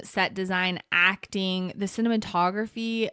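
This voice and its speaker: A woman in her thirties co-hosting a podcast, telling a story with animated quotes and lively voices for other people. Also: lowish voice, normal speed, dry recording, clean studio sound. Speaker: podcast co-host. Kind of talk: casual chat.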